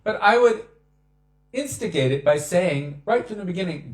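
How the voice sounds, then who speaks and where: A man giving a devotional talk on scripture, telling stories with lively acted-out quotes. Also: high-pitched, moderate pace, roomy sound. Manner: animated storyteller who acts out quotes. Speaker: devotional speaker.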